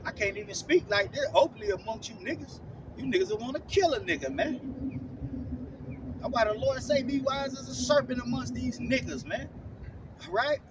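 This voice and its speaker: A man with a very high voice preaches in a blunt, scolding way, ending almost every phrase with "man" or "all right?". He stands back from the mic outdoors, and clear traffic noise carries under his voice. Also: moderate pace, recorded from a distance. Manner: scolding, blunt, profane street talk. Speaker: street preacher teaching scripture. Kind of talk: confrontational online sermon.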